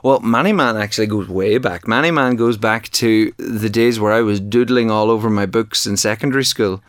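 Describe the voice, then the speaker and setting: A man's voice: lowish voice, moderate pace, no room sound, studio quality. A man, talking about his book as a guest in an interview, keen, with many false starts and repeated words. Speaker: author and actor guest. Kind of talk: conversational interview.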